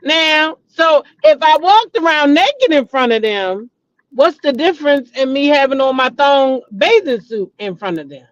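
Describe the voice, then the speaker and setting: A middle-aged woman holds forth in a chatty gossip vlog, swinging into dramatic outbursts as she talks straight to her viewers. Her delivery is animated and familiar. The recording sounds dull and lo-fi. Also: high-pitched, a little slow, dry recording. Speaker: vlogger, show host. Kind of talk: casual celebrity gossip chat.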